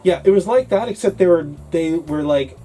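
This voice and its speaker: A man co-hosting a casual English-learning talk show, telling a story in an animated way and acting out his younger self. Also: high-pitched, moderate pace, faint music behind.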